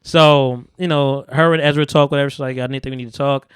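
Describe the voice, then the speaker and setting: Fast-talking man recapping a movie. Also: mid-range voice, smooth, no echo, studio quality. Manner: animated, acts out characters' lines in quick voices. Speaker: podcast co-host. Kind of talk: casual chat, recapping a movie. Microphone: studio podcast mic.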